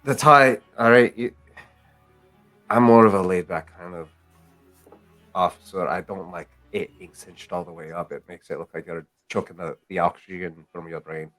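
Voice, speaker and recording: A man's voice: deep voice, normal speed, fairly bright tone, soft background music. A man narrating as game master, casual and rambling, calling players mate.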